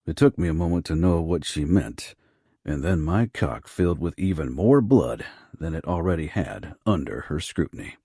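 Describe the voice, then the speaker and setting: Very deep, husky male narrator. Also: lively intonation, moderate pace, no room sound, clean studio sound. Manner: low, rough, hushed delivery. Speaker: audiobook narrator. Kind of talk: first-person romance audiobook narration.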